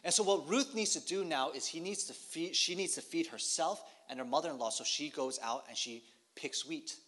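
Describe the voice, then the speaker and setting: Man preaching, slightly high voice, storytelling, short phrases. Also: a bit bright. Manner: storytelling, pausing for the interpreter. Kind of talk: sermon with live interpretation.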